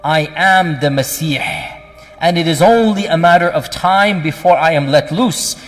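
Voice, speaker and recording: A man voicing a boastful, menacing male Antichrist in a slow, proclaiming delivery. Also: on the high side, natural voice. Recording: long reverb with faint music.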